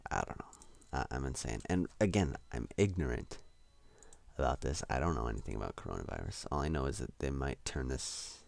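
A man's voice: very deep voice, expressive, fairly quick, gravelly, no room sound. A young man hosting a solo podcast, rambling and self-deprecating with lots of hesitations. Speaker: podcast host.

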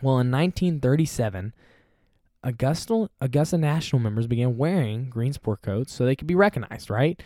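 Man, podcast host, casual solo talk, mellow tone, dry close sound. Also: medium pitch, lively intonation, brisk, no echo. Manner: chatty and playful, jokes about himself.

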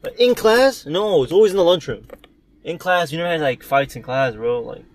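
A man's voice: fairly high pitch, lively intonation, a little fast. A young man co-hosting a podcast, chatting casually and rambling through stories with plenty of swearing. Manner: profane, rambling, loose storytelling. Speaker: podcast co-host. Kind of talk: casual chat.

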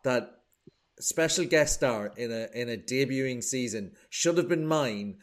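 A man's voice: medium pitch, lively intonation, unhurried. Joking man in casual chat. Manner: joking, self-deprecating. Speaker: podcast guest.

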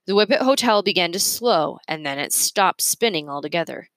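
A woman reads a children's chapter book aloud, her voice on the lower side and her delivery expressive and measured. The sound is close and very dry, with no room around it. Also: no echo. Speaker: reader. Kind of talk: reading a children's novel aloud.

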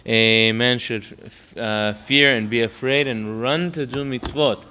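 Teaching a religious text line by line, a man speaks in an unhurried but pushed, bright voice, with slight background noise. As a Torah teacher in a text study lesson, he frequently restarts phrases and raises his pitch and volume for emphasis on key points.

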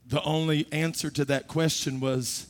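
A middle-aged man preaching a sermon, his voice swelling from soft to loud as he makes his point. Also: fairly high pitch, level tone, normal speed. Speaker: pastor.

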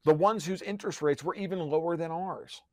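As a podcast guest, a man launches into a heated, profane rant packed with fillers, rapid restarts and sarcastic, mocking jabs. His voice is a little high with a darkish tone, recorded dry in studio quality.

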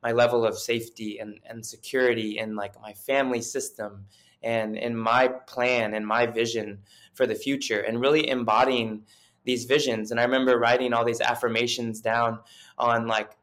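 Earnest young man, flat rambling delivery. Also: medium pitch, moderate pace. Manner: earnest, rambling, many fillers and restarts. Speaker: guest chiropractor and coach. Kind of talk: casual storytelling interview.

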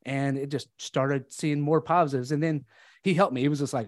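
A man's voice: on the high side, steady tone, moderate pace, dry recording, clean studio sound. A man guesting on a podcast, telling his story in a candid, earnest way and acting out the dialogue. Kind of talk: casual storytelling conversation.

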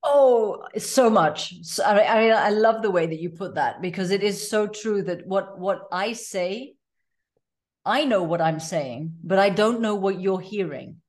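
A woman's voice: mid-range voice, lively intonation, a little slow, a little mellow. A middle-aged woman talks as a guest on a podcast in an earnest, reflective way. She leans on fillers and circles back on her own thoughts as she explains. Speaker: life coach guest. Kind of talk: casual podcast interview.

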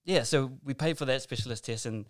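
A man's voice: medium pitch, brisk, dry recording. A man telling a personal story in casual conversation, rambling and earnest with lots of asides and restarts.

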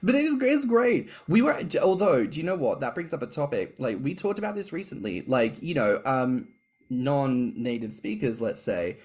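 A man's voice: medium pitch, expressive, normal speed, a little mellow. A man co-hosting a podcast in a campy, playful, teasing manner. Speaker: podcast co-host. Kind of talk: casual chat.

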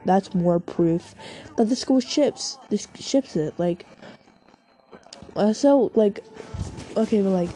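This vlogger has a dark-toned, mid-range voice and chats loosely as she scrolls the web. She rambles, giggles, curses without restraint and breaks off her own sentences, with music playing faintly in the background.

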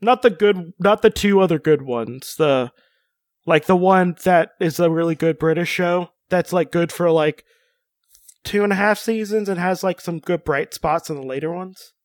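A man's voice: high-pitched, moderate pace, dry recording, studio quality. A man co-hosting a casual podcast chat, reading out a character profile with joking asides. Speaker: podcast co-host.

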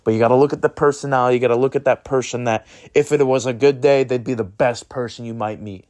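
A man's voice: medium pitch, fairly even intonation, fast talker, a little mellow. A man hosting his own podcast, talking in an earnest, rambling way and swearing freely as he urges listeners toward kindness. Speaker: podcast host. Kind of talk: casual motivational monologue.

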